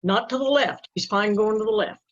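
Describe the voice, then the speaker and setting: A woman's voice: mid-range voice, a little fast. A woman student asking a direct question in a virtual lesson over a video call. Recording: dull lo-fi video call audio.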